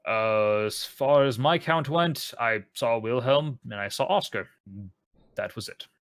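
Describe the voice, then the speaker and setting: A man's voice: medium pitch, unhurried, clean tone, dry recording. Man, roleplay player, playful teasing delivery, dry mic. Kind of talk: in-character roleplay chat.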